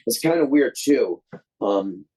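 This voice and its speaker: Speaking slowly in a medium-pitched, husky voice with a dark tone and lively intonation, a guest filmmaker from Detroit, USA, rambles through a long casual story. He voices the people he quotes, and his delivery is loose, with many fillers and restarts. The recording is low quality.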